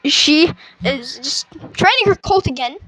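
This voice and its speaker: High-voiced woman rambling through a movie. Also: lively intonation, measured pace, fairly bright tone, low-quality recording. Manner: rambling, with many fillers and restarts. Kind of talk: casual movie retelling.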